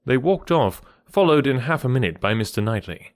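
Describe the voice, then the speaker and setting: Studio-quality and free of echo, this audiobook features a male narrator bringing a classic novel to life with expressive storytelling. He speaks in a mid-range voice at a moderate pace.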